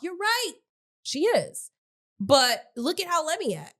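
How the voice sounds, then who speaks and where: A woman's voice: a little high, big pitch swings, a little slow, fairly bright tone. A young woman co-hosting a podcast, talking heatedly and profanely and asking rhetorical questions in casual reality-TV commentary. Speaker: podcast co-host.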